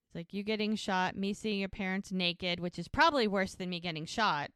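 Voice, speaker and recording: A woman co-hosting a podcast, walking through a TV episode beat by beat. She acts out every exchange with "he's like" and "she goes". Her voice sits at a middle pitch and is recorded dry and close, with no room sound. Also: fairly quick, clear, resonant tone, no room sound. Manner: animated retelling, quoting characters with "he's like". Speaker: podcast co-host recapping a TV episode. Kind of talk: casual storytelling recap.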